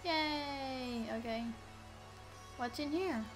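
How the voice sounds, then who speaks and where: A woman giving casual let's-play commentary, excitable and playful, yelling at enemies on screen. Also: sits high, extremely slow, music in the background. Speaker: gameplay commentator.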